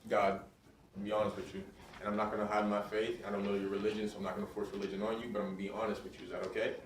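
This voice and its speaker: Low-voiced man speaking to students from afar. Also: racing. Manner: energetic, checks in with the crowd. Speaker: motivational speaker. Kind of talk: motivational talk to students. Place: school assembly hall. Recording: roomy and distant, faint noise.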